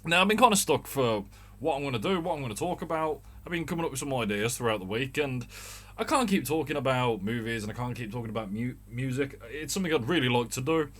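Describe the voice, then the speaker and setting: A man from Birmingham with a light local accent talks through a casual solo rant at a middle pitch. He rambles in a chatty, loose way, with the odd swear. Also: expressive, quick pace, fairly bright tone. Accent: mild Birmingham. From Birmingham, England. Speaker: podcast host.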